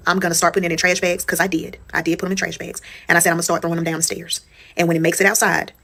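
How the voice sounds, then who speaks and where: A woman's voice: fairly low pitch, fairly bright tone. A woman telling a personal story in casual storytime style. She talks straight to her viewers, swears freely and repeats phrases for emphasis.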